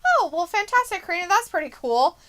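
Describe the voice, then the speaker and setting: A woman's voice: very high-pitched, big pitch swings, fairly bright tone. A woman co-hosting a live wrestling stream, chatting casually, reading viewer comments and teasing with a giggle. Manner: giggly, playful, quick to tease.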